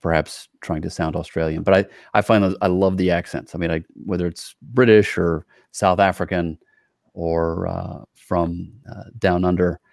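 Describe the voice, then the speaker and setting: Male co-host, very low voice, dry close sound; rambling, hedging talker. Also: moderate pace, vocal fry, dry recording. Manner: relaxed, wordy, hedging with fillers. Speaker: podcast co-host. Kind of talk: casual interview chat.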